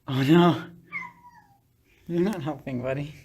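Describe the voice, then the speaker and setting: Slow, low-voiced woman coaxing her cats. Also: lively intonation, darkish tone, breathy edge. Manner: coaxing, fond baby-talk to the cats, often whispering. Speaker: cat owner filming her pets. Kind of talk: casual home video, talking to pets.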